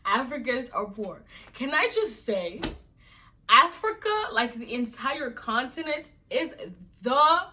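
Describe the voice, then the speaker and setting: A woman's voice: fairly high pitch, animated, takes it slowly, bright, forceful tone, a little hiss or hum. A woman from Nigeria vlogging to camera, exasperated and emphatic, firing off repeated rhetorical questions. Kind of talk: casual to-camera rant.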